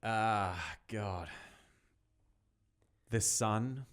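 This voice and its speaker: Laid-back low-voiced podcast host. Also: male voice, extremely slow, a bit bright, smooth. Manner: laid-back and easygoing, laughs often. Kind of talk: casual podcast interview.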